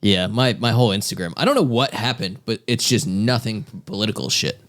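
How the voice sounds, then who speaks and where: A man's voice: on the low side, expressive, fairly quick, fairly bright tone. A man co-hosting a casual podcast, wryly setting up and recounting a clip. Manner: wry, storytelling, sets up clips. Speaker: podcast co-host.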